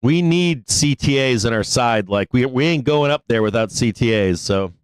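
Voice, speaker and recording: Male trading-show host, middle pitch, smooth clear voice, dry close sound, swears and laughs through a rant. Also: lively intonation, normal speed, no echo. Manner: profane, ranting, laughing often. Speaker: stock market show host. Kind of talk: casual live trading commentary.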